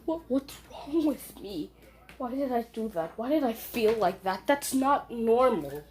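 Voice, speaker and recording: A woman voicing an anguished teenage boy ninja in a fan story, speaking in a hushed, shaken way. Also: a little high, lively intonation, a little slow. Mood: distressed.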